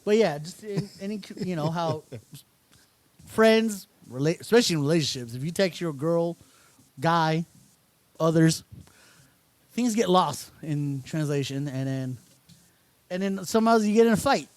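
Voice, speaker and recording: Lively high-voiced guy on a podcast, laughing a lot, dry close mic. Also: a little slow, long pauses, dry recording. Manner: animated storyteller, laughs often, mimics texts. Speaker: podcast co-host. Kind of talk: casual chat.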